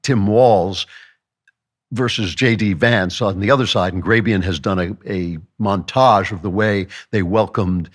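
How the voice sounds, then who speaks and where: Low-voiced sarcastic male commentator. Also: normal speed, few pauses, a bit bright. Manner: sarcastic, emphatic, with mocking asides. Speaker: political commentary host. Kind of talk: opinion monologue.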